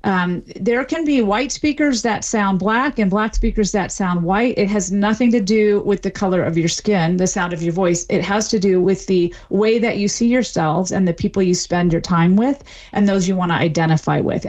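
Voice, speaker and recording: A woman answering interview questions as an expert, explaining clearly and with examples. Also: lowish voice, normal speed, few pauses. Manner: articulate, lively, explains with examples. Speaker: dialect expert guest.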